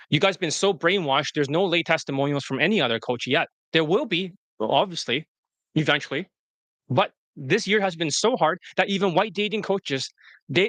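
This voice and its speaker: Man, livestream host, blunt and profane, bright tone, dry sound. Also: fairly high pitch, dry recording. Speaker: dating coach hosting a livestream. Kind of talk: casual livestream commentary.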